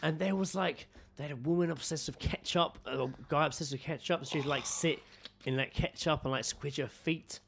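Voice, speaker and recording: A young man co-hosting a podcast, reacting loudly, laughing often and rambling through anecdotes. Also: fairly high pitch, normal speed, creaky, a little hiss or hum. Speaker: podcast co-host. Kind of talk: casual chat and banter.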